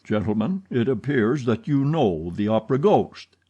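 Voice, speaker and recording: A man's voice: medium pitch, lively intonation, moderate pace, dark tone, slightly rough, highs cut off. A man voicing an earnest, trembling young viscount in an audiobook, speaking insistently. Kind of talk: audiobook character reading.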